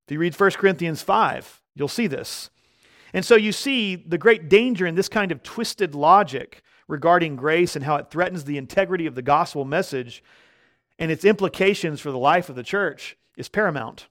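A male pastor preaching a sermon, growing loud and slow on key words and when quoting scripture. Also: fairly high pitch.

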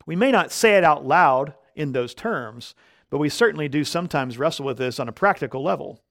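Male preacher, slightly high voice, emphatic sermon delivery, punches key words. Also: expressive, fairly bright tone. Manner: slows down when quoting scripture. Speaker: pastor.

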